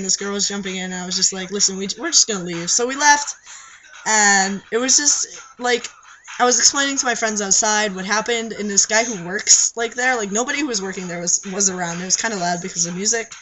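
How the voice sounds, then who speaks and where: A man's voice: high-pitched, brisk, bright, forceful tone, rough recording. A young man, chatting casually to camera for a vlog, rambling with lots of fillers and restarts. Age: young adult. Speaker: vlogger. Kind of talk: casual confessional vlog chat.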